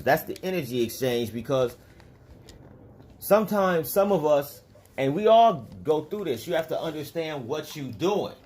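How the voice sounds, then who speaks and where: A man's voice: fairly high pitch, lively intonation, unhurried, a little mellow. A man hosting a casual livestream who tells rambling, profane stories in a loose, offhand way. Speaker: livestream host and spiritual teacher.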